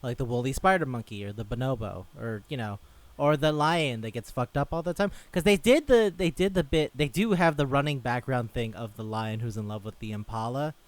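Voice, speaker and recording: A man's voice: medium pitch, a little fast, no echo. A man casually chatting as a podcast co-host, rambling and swearing, often slipping into silly voices for the characters he retells. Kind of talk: casual chat.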